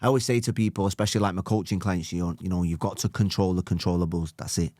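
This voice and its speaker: Low-voiced Manchester man, encouraging host. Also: fairly even intonation, fast, a little mellow, no echo, clean studio sound. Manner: reflective, encouraging, many "like" fillers. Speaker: podcast host, coach. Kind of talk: casual podcast chat.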